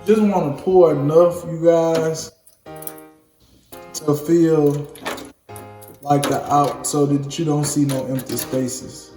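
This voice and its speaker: A man's voice: on the high side, steady tone, takes it slowly, pauses often, mellow. A man, talking casually to viewers while cooking, joking and apologizing often. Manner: chatty, apologetic, addresses viewers as y'all. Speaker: home cook vlogger. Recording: echoey room with music behind.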